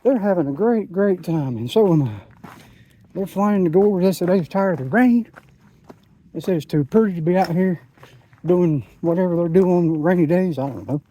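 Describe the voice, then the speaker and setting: A man's voice: sits high, lively intonation, moderate pace, warm tone. A man, talking in a rambling, enthusiastic way into his phone while out hiking a mountain trail. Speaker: hiking vlogger. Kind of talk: casual trail vlog. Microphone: phone camera.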